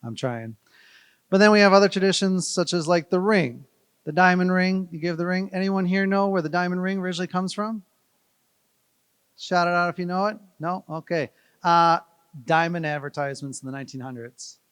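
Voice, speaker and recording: A man's voice: high-pitched, brisk, a bit bright, smooth, dry recording. A man giving a playful, rambling wedding speech at a reception, joking with the crowd. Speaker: wedding guest giving a toast.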